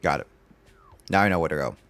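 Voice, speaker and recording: A man's voice: rumbling low, animated, fast talker, fairly bright tone, faint music behind. A young man streaming a game, rambling through his play and telling a long story with many fillers and restarts. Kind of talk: casual gameplay commentary and storytelling.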